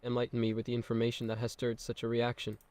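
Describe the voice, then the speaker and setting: A long-winded, overly formal game character, voiced by a synthetic male voice. He speaks in a completely flat, even tone at a brisk pace. Every sentence sounds polite and drawn out. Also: medium pitch, crowd noise. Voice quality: wordy, stiff, formal. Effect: game text-to-speech voice.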